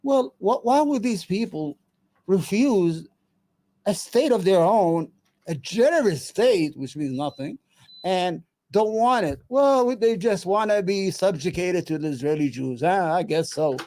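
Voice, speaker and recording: A man's voice: high voice, lively intonation, measured pace, mellow. Heated, foul-mouthed male host. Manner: heated, blunt, swears a lot. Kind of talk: profane reaction commentary.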